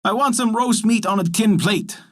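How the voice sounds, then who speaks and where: Greedy storybook frog, high and pushy, husky edge, as a man puts him on. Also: moderate pace. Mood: demanding. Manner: whiny, insistent demands. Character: demanding ugly male frog, croaking.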